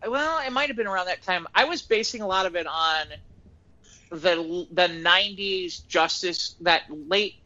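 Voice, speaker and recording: A man in casual chat, telling stories with animated energy and acting out what people said. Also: high voice, measured pace, muffled recording. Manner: animated storyteller acting out quotes.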